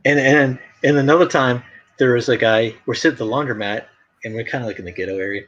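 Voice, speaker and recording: On a live stream, an artist chats casually in a medium-pitched, fairly bright male voice, talking fast. He wanders through rambling stories packed with fillers, and the stream audio sounds dull and lo-fi.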